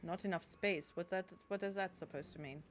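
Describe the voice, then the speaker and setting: A woman streams a video game with casual commentary full of sarcasm, swearing and frequent laughter. Her voice is on the low side and brisk, with a little hiss or hum in the audio.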